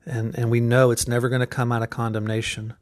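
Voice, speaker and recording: A man's voice: medium pitch, little pitch movement, fast talker, no room sound, clean studio sound. A man hosting a faith podcast, speaking earnestly in a devotional talk and often repeating words as he gathers his thoughts. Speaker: podcast host and recovery coach.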